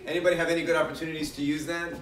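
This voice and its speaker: A man teaches a parenting class in a large hall, lecturing casually, taking audience questions, and often repeating and restarting his words. His highish voice is very fast and a bit bright with little pitch movement, captured from afar in an echoey space.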